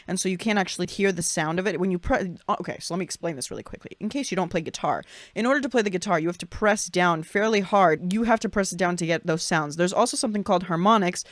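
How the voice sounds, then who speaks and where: A woman and opera singer hosting her channel, giving excitable, chatty live reaction commentary and explaining technique to viewers. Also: on the low side, quick pace, dry recording. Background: faint metal music from the video.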